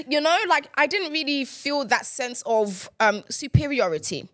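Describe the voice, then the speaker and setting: A woman's voice: high voice, animated, measured pace, a bit bright, no room sound, clean studio sound. A young woman hosting a casual solo podcast, chatty and playful, rambling into self-mocking asides. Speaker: podcast host.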